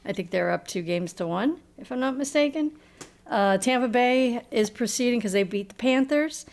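Lively, hesitant woman on a podcast. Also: fairly high pitch, normal speed. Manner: hesitant, stammering, laughing. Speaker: podcast co-host. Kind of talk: casual podcast banter.

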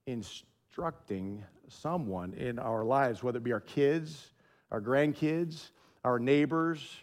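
A male pastor giving a sermon in a conversational way, telling personal stories and repeating key phrases for emphasis. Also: on the high side. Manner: drops to a soft hush when telling a quiet story.

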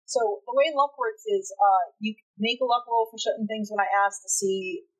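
A woman's voice: medium pitch, moderate pace, poor audio. A woman runs a tabletop role-playing game as its game master. She narrates scenes in a loose, casual way, with fillers and restarts. She also explains the rules as she goes.

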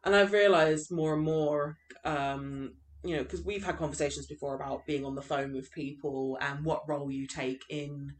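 Podcast co-host, woman, low pitch, london accent, chatty and loose with lots of ums. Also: steady tone, normal speed, few pauses. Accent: London English. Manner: laughs often, chatty with many fillers. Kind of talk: casual chat.

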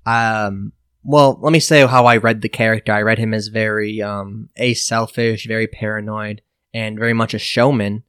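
A man guesting on a podcast, chatting casually in a giggly, teasing way with halting starts. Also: on the low side, fairly even intonation, a bit bright, clear, resonant tone, no echo, clean studio sound. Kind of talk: casual chat.

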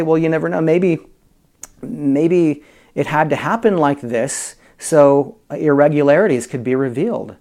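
A man teaching a Bible study in a conversational way, full of rhetorical questions and swinging between loud emphasis and quiet asides. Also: fairly high pitch. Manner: frequent fillers and restarts, chuckles.

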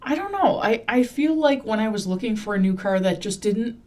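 A woman's voice: a little high, lively intonation, moderate pace, a little mellow. Wry, rambling woman with a Midwestern lilt. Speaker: podcast host. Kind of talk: casual chat.

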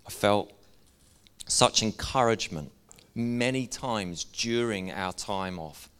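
A man's voice: lowish voice, fairly bright tone. A middle-aged man, preaching a sermon in an earnest, conversational way and sharing personal stories. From Northern Ireland. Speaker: pastor.

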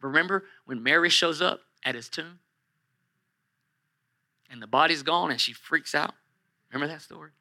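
A male pastor preaching a sermon in an animated way, repeating lines for emphasis. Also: a little high, normal speed, long pauses.

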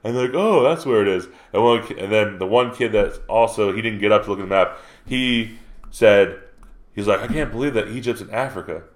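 Low-voiced man retelling a classroom story. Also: brisk. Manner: animated retelling with quoted dialogue. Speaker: podcast co-host; geography teacher. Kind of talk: casual storytelling chat. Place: South Carolina.

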